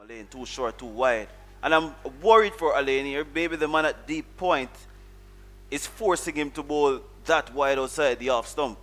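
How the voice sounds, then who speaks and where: Male co-commentator, Caribbean accent, mid-pitched, steady and analytical. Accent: Caribbean English. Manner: measured, explains tactics. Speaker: cricket analyst. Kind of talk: live colour commentary.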